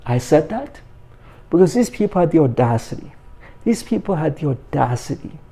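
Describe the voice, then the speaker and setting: A man's voice: a little high, big pitch swings, normal speed, gravelly, dark tone. A young man giving a heated, repetitive sports opinion rant as the host of his own channel. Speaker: sports commentator. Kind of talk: ranting sports opinion monologue.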